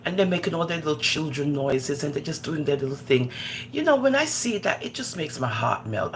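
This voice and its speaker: A woman's voice: brisk, slight background noise. A Jamaican woman hosting a live stream, chatting casually and scolding her viewers in patois. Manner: animated, scolds viewers in patois, swooping pitch. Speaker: livestream host.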